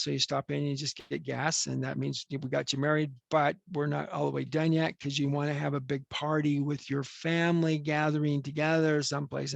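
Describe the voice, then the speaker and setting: A man's voice: on the high side, creaky, no room sound. A man officiating a wedding over a video call, chatty and joking as he rambles.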